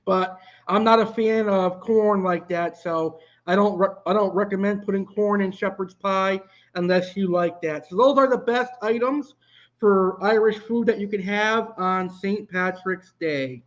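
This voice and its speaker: Male cooking-stream host, high-pitched, easygoing chatter, muffled lo-fi sound. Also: a little slow. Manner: chatty, answers viewer comments. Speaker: live cooking show host. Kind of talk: casual live-stream chat.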